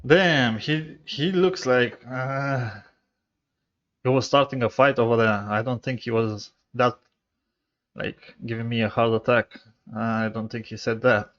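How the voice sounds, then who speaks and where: A man's voice: medium pitch, a little slow, a bit bright, highs cut off. A male reaction host commenting casually and laughing along. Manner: laid-back, laughing along.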